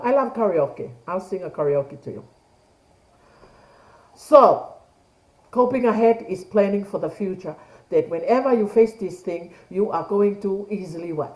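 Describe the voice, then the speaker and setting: A middle-aged woman from Tonga leads an online class from a home room, posing rhetorical questions and answering them herself. Her voice is medium-pitched and mellow. Through the video call mic it sounds reverberant and low in quality.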